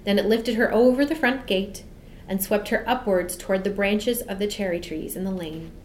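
A woman's voice: mid-range voice, a little hiss or hum, rough recording. Woman reading a storybook aloud. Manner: measured and expressive. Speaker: audiobook narrator.

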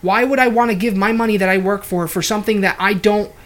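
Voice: medium pitch, steady tone, fast talker, fairly bright tone. A podcast host giving strong opinions in casual chat, emphatic and full of swearing. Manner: emphatic, profane, argumentative.

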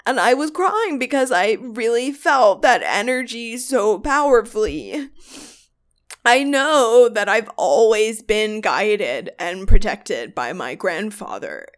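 A woman doing a hushed Californian actress with vocal fry. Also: on the high side, lively intonation. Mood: earnest, tender. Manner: slow, hushed, earnest. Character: soft-spoken Californian actress recounting a spiritual moment. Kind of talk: comic impression.

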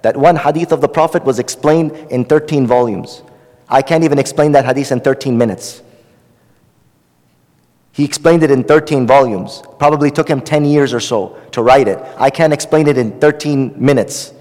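A man's voice: medium pitch, moderate pace, darkish tone, big-room sound. A man teaching hadith, delivering an impassioned sermon with pleading, repetitive emphasis. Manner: passionate, pleading, rising and falling emphasis, repeats phrases.

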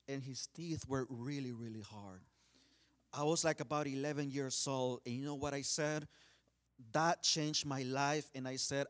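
In a fairly high voice at a measured pace, a man delivers a sermon built around a personal story told earnestly. Restarts and repeated "you know"s mark his speech, which swings between urgent pleas and hushed quiet.

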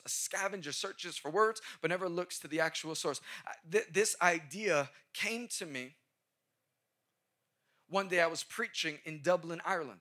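A man's voice: on the high side, lively intonation, normal speed, bright, forceful tone. A male pastor preaching a sermon in a church service, joking with the congregation and building to emphatic points.

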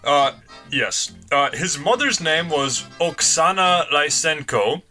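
Male podcast co-host, playful banter, very bright tone, lively delivery. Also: a little high, soft background music. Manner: playful, quick reactions. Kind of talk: casual chat.

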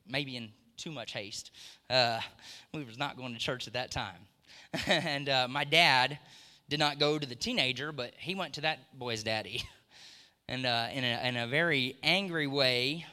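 A middle-aged man preaching a sermon in a church, telling family stories and building to excited emphasis. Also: medium pitch, clear, resonant tone. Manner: storytelling, rising to excited emphasis. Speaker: pastor. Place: church sanctuary. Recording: long church hall reverb.

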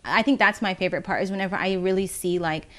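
Woman tarot reader on a podcast, chatty and emphatic, mid-pitched, keeps saying girl. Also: quick pace, fairly bright tone. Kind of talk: casual podcast chat.

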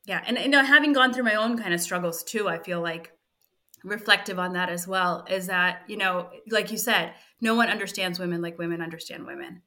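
A middle-aged woman, a fertility physician assistant, telling an emotional story on a podcast in lively reported speech. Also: on the low side, a little fast. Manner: animated, frequent "I was like" reported speech.

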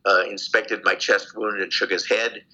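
An older man, a guest in an interview, telling a story in a casual, animated way and laughing often. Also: lowish voice, moderate pace, rough recording. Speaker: guest, former prisoner of war.

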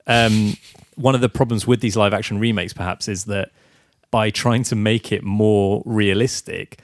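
A man's voice: lowish voice, fairly even intonation, normal speed, no echo. Wry man laughing through film chat. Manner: wry, laughs while talking. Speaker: podcast co-host. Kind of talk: casual film review chat.

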